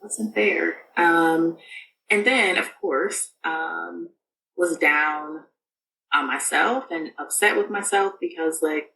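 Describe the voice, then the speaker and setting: A woman's voice: lowish voice, takes it slowly, creaky, sharp tone, roomy sound, far from the mic, soft background music, rough recording. A woman guest on a podcast, telling a personal story in casual, rambling speech full of fillers and restarts.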